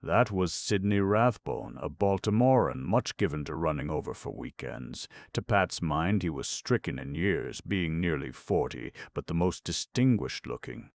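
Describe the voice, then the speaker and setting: Very deep, gravelly male narrator. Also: lively intonation, moderate pace, hardly any pauses, no echo. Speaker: audiobook narrator. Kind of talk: scripted narration.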